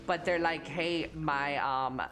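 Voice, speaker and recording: A woman's voice: low-pitched, steady tone, takes it slowly, over music. A young woman streamer chatting casually and crudely with her chat, teasing and joking. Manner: profane, teasing, talks to chat.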